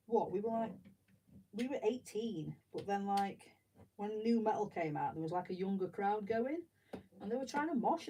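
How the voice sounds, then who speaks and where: In a rough recording taken from a distance, with slight background noise, a middle-aged English woman streams while building. Her mid-range voice has a dark tone. She chats casually, laughs often and tells rambling stories.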